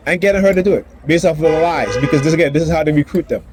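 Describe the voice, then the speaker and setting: Brief: agitated father on a phone vlog, voice a little high, faint street noise. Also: racing. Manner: agitated, repetitive, acts out quoted dialogue. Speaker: father vlogger. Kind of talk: ranting personal vlog. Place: outdoors near a building and street traffic.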